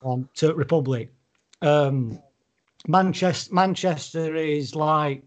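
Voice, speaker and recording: A man's voice: a little high, slow pace. A British man hosting a podcast in casual chat, swearing freely and breaking into playful accent impressions. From Britain. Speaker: podcast host.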